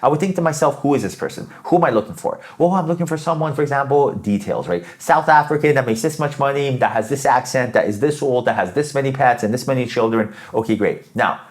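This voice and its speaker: A man's voice: mid-range voice, expressive, quick pace, hardly any pauses. A man giving a tarot reading in a casual, coaching way, acting out inner thoughts as he explains. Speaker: tarot reader.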